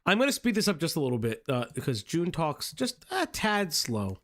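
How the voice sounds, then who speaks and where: A streamer reacting to a video with loud, crude, excitable outbursts. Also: medium pitch, moderate pace.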